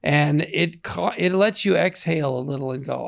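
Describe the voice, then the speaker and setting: A man's voice: fairly high pitch, moderate pace, vocal fry, dry recording, studio quality. A man in his sixties, an interview guest, talking in a reflective, rambling, self-deprecating way. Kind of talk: casual interview talk.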